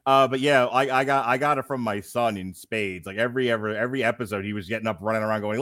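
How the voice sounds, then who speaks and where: A man's voice: lowish voice, quick pace, a bit bright, no echo. Jokey man hosting a chat show. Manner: joking, laughs often while talking. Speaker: podcast host. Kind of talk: casual chat.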